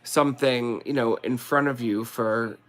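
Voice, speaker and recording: A man's voice: medium pitch, steady tone, measured pace, a bit bright. A man with a New Jersey accent hosting a casual livestream, rambling and chatty and laughing often as he sells collectibles. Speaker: livestream host selling collectibles.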